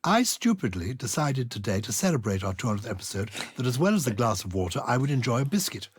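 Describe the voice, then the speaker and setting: An older man co-hosting a podcast, reading out listener letters and chatting in an expressive, theatrical way, with a throat bothered by biscuit crumbs. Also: mid-range voice, fast, slight background noise. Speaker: podcast co-host.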